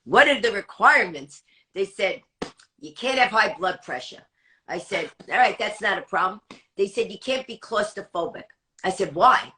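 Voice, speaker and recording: A woman stand-up comic telling an anecdote as a guest, fast-talking and acting out the dialogue she quotes. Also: mid-range voice, fairly bright tone, a little hiss or hum.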